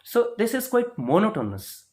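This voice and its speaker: A man's voice: sits high, wildly swooping pitch, moderate pace, a little mellow. A man teaching a spoken lesson, explaining step by step and checking in with "right?" and "okay?". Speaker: English speaking teacher.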